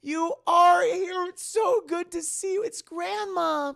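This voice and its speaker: A man voicing a kindly older female medium who talks gently and stammers as she coaxes a spirit. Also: extremely high pitch, moderate pace, creaky, pitched above the performer's own voice, heavily acted. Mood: coaxing. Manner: coaxing, tender, stammering.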